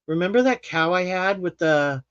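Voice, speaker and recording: A woman's voice: lowish voice, lively intonation, moderate pace, clean tone, dry recording. A woman hosting a live craft stream, chatting casually, laughing often and rambling through restarts. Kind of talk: casual chat while reading comments. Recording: slightly muffled dry live stream audio.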